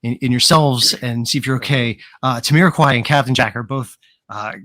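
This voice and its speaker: A man's voice: mid-range voice, fairly quick, fairly bright tone, dry recording. Dry-voiced man narrating as game master. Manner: rambling, hedging descriptions full of "sort of" and "kind of".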